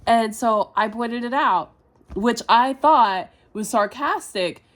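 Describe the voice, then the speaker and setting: A woman's voice: on the high side, slow, fairly bright tone. A young woman in a confessional vlog, rambling and self-deprecating, full of filler words and swearing. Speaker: vlogger.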